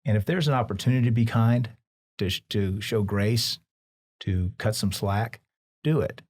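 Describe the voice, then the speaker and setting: A man hosting a podcast, giving reflective, measured advice in conversation. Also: fairly low pitch, a little mellow. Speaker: podcast host.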